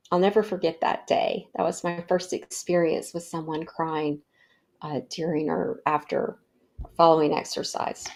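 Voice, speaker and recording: A middle-aged woman hosting a wellness show, telling a personal story in a warm, reflective way with fillers. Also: lowish voice. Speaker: podcast host.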